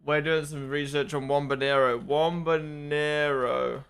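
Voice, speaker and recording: A young man reacting live on stream, talking in an excitable, casual way and repeating his exclamations. His voice sits a little high, with a gravelly fry under a bright, tense edge. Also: moderate pace. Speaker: streamer watching a race broadcast.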